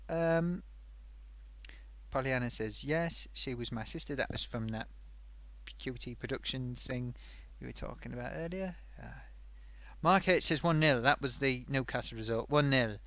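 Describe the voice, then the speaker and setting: Man voicing a talking sock host, mid-pitched, chatty and rambling, dry sound. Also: a bit bright, dry recording. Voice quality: rambling, hums to himself while reading. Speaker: live stream host. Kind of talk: live stream chat reading viewer comments.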